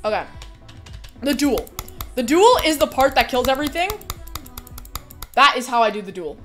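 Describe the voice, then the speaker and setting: Lively young woman streamer chatting while playing. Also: sits high, normal speed, faint music behind. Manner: chatty, bursts into squealing protests and laughter. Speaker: game streamer. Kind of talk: casual live-stream commentary while playing.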